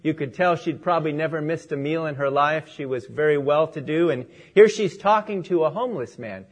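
A man's voice: fairly high pitch, brisk. A male pastor opening in prayer and telling a story as he preaches a sermon.

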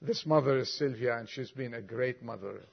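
A man's voice: mid-range voice, moderate pace, vocal fry, slightly rough. An older man preaching a sermon and reading a long story aloud, with folksy asides to the congregation. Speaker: pastor. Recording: dull lo-fi recording.

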